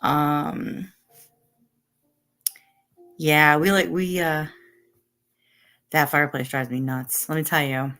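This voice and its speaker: Chatty middle-aged woman host, lowish voice, greets viewers by name, laughs easily. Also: fairly even intonation, slow pace, pauses often, fairly bright tone. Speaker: livestream host. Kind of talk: casual live chat.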